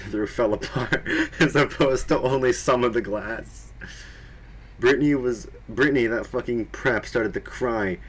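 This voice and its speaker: A young man doing a comedic reading of a story, breaking off to mock the writing. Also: medium pitch. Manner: mocking, breaks to laugh and comment. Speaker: reader and commentator. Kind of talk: comedic dramatic reading with commentary.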